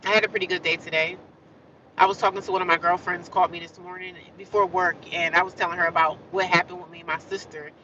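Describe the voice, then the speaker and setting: Woman, livestream chat, rambling and repetitive, bright edgy voice, distant slightly dull phone audio. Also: lowish voice, little pitch movement, fast talker, a little hiss or hum. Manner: rambling, repeats herself, chatty with viewers.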